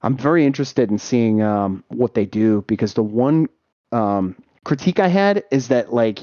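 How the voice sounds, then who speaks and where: A man's voice: mid-range voice, moderate pace, dry recording. A man from Boston telling stories in a casual podcast chat, swearing and acting out what people said. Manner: animated storyteller, acts out voices, swears. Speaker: podcast co-host. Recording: dull lo-fi mic.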